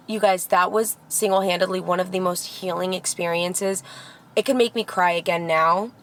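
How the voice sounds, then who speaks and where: Candid young woman vlogging, lower voice. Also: steady tone, normal speed, a little hiss or hum. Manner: candid and heartfelt, many "like" fillers. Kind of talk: casual vlog storytelling. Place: Los Angeles area.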